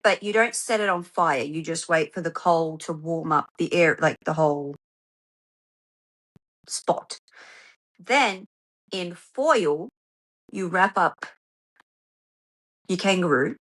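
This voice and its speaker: A woman who is a podcast guest, chatting casually and explaining things in a lively, playful way. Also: lowish voice, slow pace, long pauses, rough recording. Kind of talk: casual chat.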